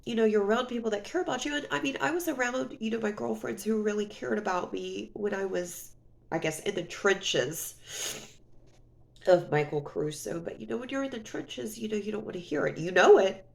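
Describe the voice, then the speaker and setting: A woman talks straight to camera in a casual storytime vlog, her voice gravelly with a lot of vocal fry. She rambles as she vents and fills her talk with "you know". She sounds sniffly, close to tears. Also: medium pitch, brisk. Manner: rambling, full of "you know", emotional venting. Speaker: vlogger.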